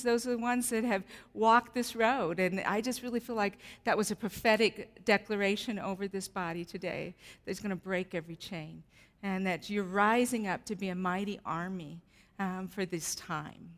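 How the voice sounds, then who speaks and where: A woman speaking as a guest at a church service, telling humorous stories about herself in a sermon. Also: on the high side. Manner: animated storytelling with self-deprecating humor. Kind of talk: storytelling sermon. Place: church sanctuary. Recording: reverberant church hall.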